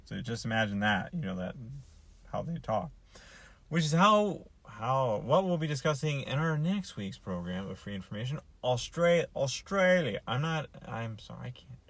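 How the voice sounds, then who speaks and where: A man's voice: mid-range voice, big pitch swings, moderate pace, fairly bright tone, no room sound. A man hosts a comedy monologue and rambles from one thought to the next with sarcastic asides. He speaks straight to the listener. His voice is recorded dry and close, with no room sound. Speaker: host.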